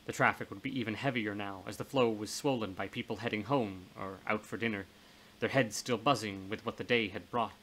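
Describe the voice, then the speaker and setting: A man narrating a horror novel in a steady, measured reading voice. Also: on the low side, a little hiss or hum, low-quality recording. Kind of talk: audiobook reading of horror fiction.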